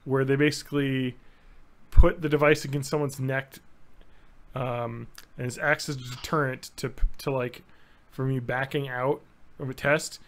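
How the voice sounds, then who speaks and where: A man co-hosting a podcast, talking in a rambling, excitable way and swearing often. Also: mid-range voice, vocal fry. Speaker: podcast co-host. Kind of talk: casual chat.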